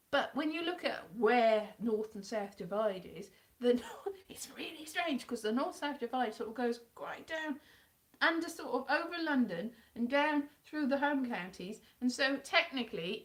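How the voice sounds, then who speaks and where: Woman rambling on a live stream, higher voice that bounces all over, pokes fun at herself. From South Wales. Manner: rambling, self-deprecating, chatty. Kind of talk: casual live-stream chat.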